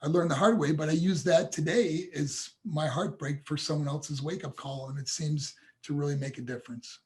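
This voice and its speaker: A man's voice: on the high side, fairly even intonation, normal speed, a little mellow. A man talking as a podcast guest over a video call, telling a personal story earnestly and with feeling. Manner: earnest, emotional, addresses hosts as guys. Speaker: podcast guest, motivational speaker.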